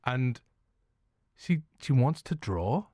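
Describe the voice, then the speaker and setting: A man's voice: medium pitch, sing-song, slow, dark tone, no room sound. Northern irish guy reviewing films, jokey, swears a lot, dry close mic. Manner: jokey, laughs often, swears casually. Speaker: podcast host, film reviewer. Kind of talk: casual chat.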